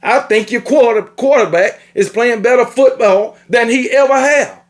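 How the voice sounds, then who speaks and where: A man with a notably high voice rants at rival fans. He scolds and repeats himself, swearing freely in a loose monologue. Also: normal speed. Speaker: sports commentator. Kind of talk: ranting sports opinion monologue.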